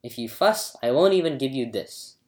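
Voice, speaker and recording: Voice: mid-range voice, animated, normal speed, close to an everyday voice. A narrator voicing a sneering greedy brother. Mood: scornful. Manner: harsh, contemptuous shouting. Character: greedy scornful elder brother, a young man.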